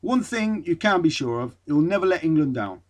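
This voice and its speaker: A man putting on a clumsy northern accent to read a blunt footballer's praise of a teammate, forceful and clipped. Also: a little high, animated, moderate pace, pitched above the performer's own voice, close to an everyday voice. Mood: insistent. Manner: attempted Geordie accent, clipped dialect grammar, forceful.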